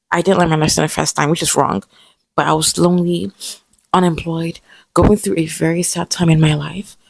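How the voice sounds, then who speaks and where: A woman's voice: on the low side, creaky, darkish tone, dry recording. A young woman telling a personal story in a chatty vlog, often repeating herself and checking in with "okay?". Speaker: vlogger. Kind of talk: casual storytelling to camera.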